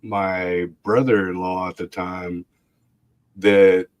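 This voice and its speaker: Guy rambling thru a story, kinda low voice, laughs a lot, does little voices. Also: level tone, takes it slowly, muffled recording. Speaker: livestream guest. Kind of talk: casual storytelling.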